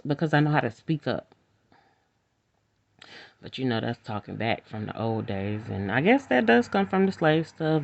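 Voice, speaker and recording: Gravelly woman in a rambling, frank monologue. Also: a bass voice, sing-song, moderate pace, long pauses. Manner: rambling, frank, laughs often. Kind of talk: casual monologue. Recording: dull lo-fi recording.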